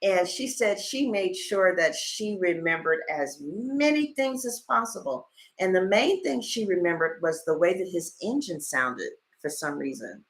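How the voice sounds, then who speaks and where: A woman's voice: fairly low pitch, unhurried. Woman doing tarot on a livestream, voice swoops all over, blunt, cusses a lot. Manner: animated storyteller, blunt and swears freely. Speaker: tarot reader. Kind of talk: casual livestream chat and tarot reading.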